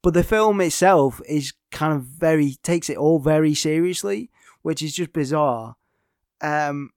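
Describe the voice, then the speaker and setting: A man's voice: on the high side, a little mellow, dry recording, studio quality. A man giving a casual spoken film review, rambling and hesitant with many fillers and restarts.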